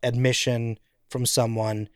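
A man's voice: medium pitch, little pitch movement, measured pace, clear, resonant tone, dry recording, studio quality. A man co-hosting a podcast in casual chat, rambling with lots of fillers and slipping into playful impressions. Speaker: podcast co-host.

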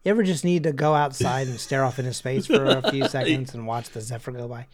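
A man's voice: mid-range voice, fast, a loud crowd. A man co-hosting a podcast, chatting casually about a TV show and joking along with his partner. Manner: jokey, puts on silly voices for bits. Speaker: podcast co-host.

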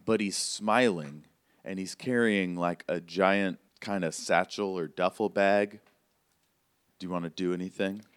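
Deep-voiced man narrating a tabletop game. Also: a little slow, smooth, no room sound, clean studio sound. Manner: relaxed, conversational storytelling with fillers. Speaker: game master. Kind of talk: narrating a tabletop role-play.

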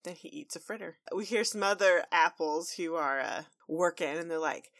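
A woman co-hosting a casual recap chat, animated and slipping into silly character voices. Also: fairly low pitch, moderate pace, few pauses, dry recording, clean studio sound. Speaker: podcast co-host recapping a cartoon.

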